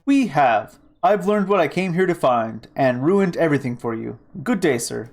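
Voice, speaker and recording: A man's voice: fairly high pitch, lively intonation, normal speed, faint music behind. A man voicing a smug, meddling male bird official in a game reading, prim and mock-polite.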